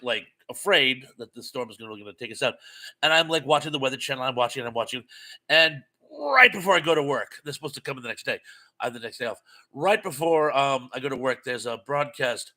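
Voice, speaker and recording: An older New England man hosts a live stream on a headphone mic, reading chat and wandering through stories. His voice is medium-pitched and a little quick, chatty and rambling with lively swings.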